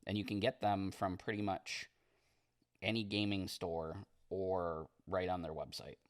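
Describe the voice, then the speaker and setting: A man streaming as he paints miniatures, chatting casually in a relaxed, rambling way and reading viewer comments aloud. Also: low voice, a little slow, no room sound, studio quality. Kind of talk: casual livestream chat while painting.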